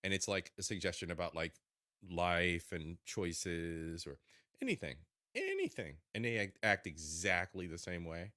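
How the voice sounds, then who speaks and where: A man hosting a reaction show, talking excitedly and repeating himself as he speaks to viewers. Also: low-pitched, a little slow, no echo, clean studio sound. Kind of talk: reacting to a video.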